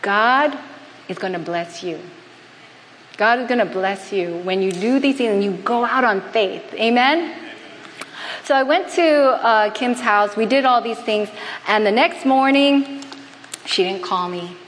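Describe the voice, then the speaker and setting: A woman's voice: a little high, animated, unhurried. Woman preaching to a congregation. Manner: engages the audience with frequent questions. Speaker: preacher and health missionary. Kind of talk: sermon. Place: church hall with a congregation. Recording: reverberant hall with faint background noise.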